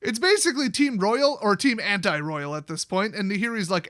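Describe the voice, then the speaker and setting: A man's voice: high voice, animated, fairly quick, few pauses, a bit bright, no room sound, studio quality. A young man giving a sarcastic, rambling comedic recap of a fantasy story, swearing casually as he goes. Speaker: YouTube lore host.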